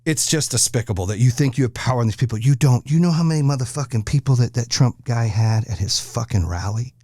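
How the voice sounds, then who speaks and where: A man's voice: mid-range voice, fast talker, warm tone, no room sound, clean studio sound. A man hosting a podcast, delivering a blunt, aggressive monologue full of swearing. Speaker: podcast host. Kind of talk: profane ranting monologue.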